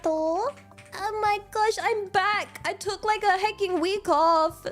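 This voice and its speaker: A young woman from England with an English accent, chatting casually on a livestream in a bubbly, excitable and giggly way. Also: very high-pitched, slow, faint music behind. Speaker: streamer.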